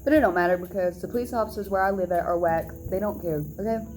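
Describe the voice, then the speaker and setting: A young adult woman vlogger telling a storytime in an animated, indignant way. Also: medium pitch, fast talker, a little hiss or hum. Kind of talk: storytime vlog.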